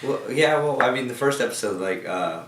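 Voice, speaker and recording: A man's voice: mid-range voice, animated, a little fast, a little hiss or hum. A young man talking casually in an interview, rambling with many fillers and restarts, in an office. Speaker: team member guest. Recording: echoey room from a distance.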